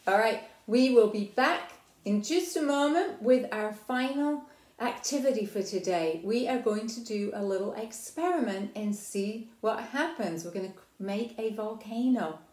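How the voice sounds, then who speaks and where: A middle-aged woman with a fairly high voice runs a hands-on science and craft lesson for children. She talks the viewer through each step and keeps asking what they think. The sound bounces around an echoey room. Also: lively intonation, a little slow, a little mellow. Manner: friendly, explains step by step, asks the viewer questions. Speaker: children's library program presenter.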